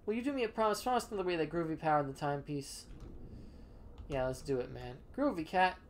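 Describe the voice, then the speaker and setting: A woman voicing a groovy, smooth-talking 1960s man who drawls slang and calls everyone baby. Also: sits low, animated, quick pace, a little mellow, a little hiss or hum. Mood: coaxing.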